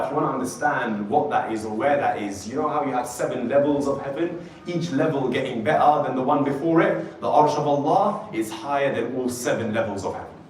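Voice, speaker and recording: A man's voice: mid-range voice, darkish tone, slight background noise. A man giving a storytelling sermon at a youth gathering, retelling stories and speaking straight to his young listeners. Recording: very echoey hall, voice from a distance.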